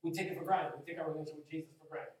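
A man's voice: a little high, fairly even intonation, racing, darkish tone. A man preaching a sermon in a conversational way, repeating phrases and acting out people's reactions. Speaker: pastor. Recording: echoey hall, distant mic.

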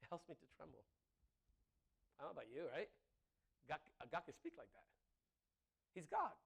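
A man's voice: a little high, wildly swooping pitch, moderate pace, vocal fry, a bit bright, breathy edge. A middle-aged man preaching a sermon, joking with the crowd, laughing often and repeating his words.

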